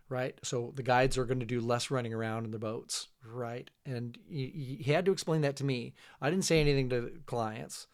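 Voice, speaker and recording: A middle-aged man, a trip leader, telling travel stories in a relaxed, casual podcast chat, trailing off quietly. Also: mid-range voice, moderate pace, hardly any pauses, smooth. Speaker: guest, fishing trip leader.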